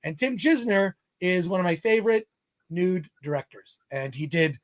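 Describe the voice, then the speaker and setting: Rambling, jokey podcast host, high voice. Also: male voice. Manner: rambling, jokey, reads chat comments aloud. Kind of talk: live-stream chat.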